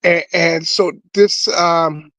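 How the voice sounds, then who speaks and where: A man, a comedian, telling his testimony as an animated story, often repeating words. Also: a little high, slow, dry recording, rough recording. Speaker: guest comedian.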